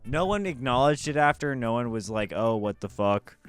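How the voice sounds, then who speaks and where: Young guy vlogging about his own set, candid and self-critical, smooth clear voice, soft music behind. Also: mid-range voice, lively intonation, normal speed. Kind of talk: casual commentary on his own footage.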